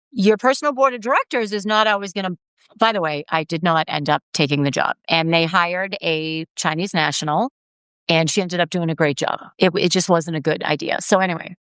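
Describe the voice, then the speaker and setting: A middle-aged woman hosts a solo podcast, talking in a chatty, emphatic way full of quick asides. Her voice sits a bit low and sounds smooth and clear. The recording is dry and close, with no room sound. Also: fairly bright tone, no echo. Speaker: podcast host.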